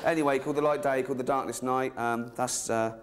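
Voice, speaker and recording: Mock-earnest English stand-up comedian. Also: male voice, medium pitch, smooth. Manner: mock-earnest, halting with ums, bursts into giddy excitement. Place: live comedy stage.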